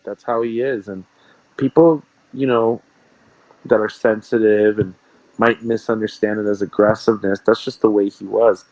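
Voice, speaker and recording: A man tells stories in a casual, rambling way and often circles back to repeat himself. His voice sits on the low side. The sound is dry, with no room echo. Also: steady tone, normal speed, darkish tone. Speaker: guest, sports card shop owner. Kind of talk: casual interview storytelling.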